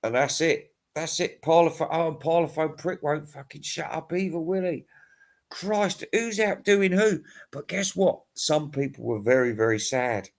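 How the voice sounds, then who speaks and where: A man's voice: a little high, moderate pace, gravelly, few pauses. A middle-aged man talks in a loose, rambling vlog, sounding tired at the end of the night. He rants and swears his way through his complaints, chuckling to himself between points. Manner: profane, ranting, chuckling. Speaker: music vlogger. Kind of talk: casual rambling monologue.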